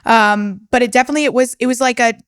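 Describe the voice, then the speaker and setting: A woman's voice: on the high side, steady tone, racing, clear, resonant tone. A young woman telling her personal story as a podcast guest, frank and swearing freely as she relives it. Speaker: podcast guest, startup founder.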